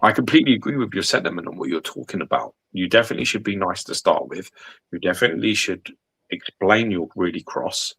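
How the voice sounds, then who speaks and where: A man with a low, husky voice holds forth on a casual podcast. He gets animated, swears freely and acts out other people's lines. The sound is close and dry, with no room echo. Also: fast talker. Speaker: host. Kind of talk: casual chat.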